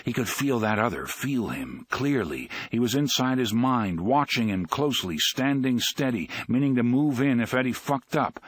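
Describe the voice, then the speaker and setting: A man reading a novel aloud as an audiobook narrator, in an expressive, dramatic way. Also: mid-range voice, moderate pace, few pauses, husky, no echo.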